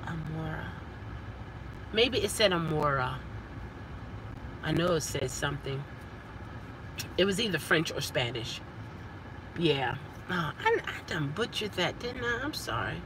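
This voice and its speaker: A woman, chatting casually as a vlogger in a car, animated and stumbling over her words. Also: low voice, unhurried, pauses often, noisy background. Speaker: vlogger and rideshare driver. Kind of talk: casual chat.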